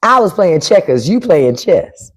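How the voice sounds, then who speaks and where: Woman blunt, profane live-stream host with lively pitch. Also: unhurried. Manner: blunt, profane, animated, addresses chat by name. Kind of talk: unfiltered live-stream commentary.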